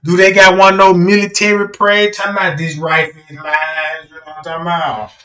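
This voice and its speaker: A man's voice: sits high, bright, forceful tone, recorded from a distance. A man doing a rambling, profane livestream rant, repeatedly asking his listeners whether they know what he's talking about. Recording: roomy echo, speaking away from the mic.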